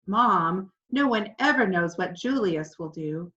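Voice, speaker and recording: A woman's voice: mid-range voice, expressive, a little slow, pushed and bright. A woman voicing an anxious, sheepish young boy. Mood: worried. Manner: desperate, sheepish. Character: anxious young boy, embarrassed parrot owner. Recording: slightly dull lo-fi recording.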